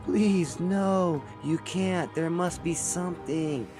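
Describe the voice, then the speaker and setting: A man voicing a grieving young mother, pitching his voice up to plead. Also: slow, music in the background.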